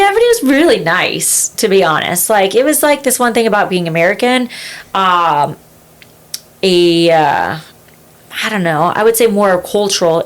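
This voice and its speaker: A woman in her thirties, a podcast guest, telling her story in a rambling, casual way with lots of fillers. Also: lowish voice. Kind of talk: casual interview conversation.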